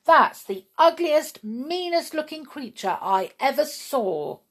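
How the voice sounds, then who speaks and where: A woman's voice: high voice, very animated, slow pace, voice pushed up, heavily acted. A woman voicing a cheeky young male rabbit who talks bluntly and stammers when nervous.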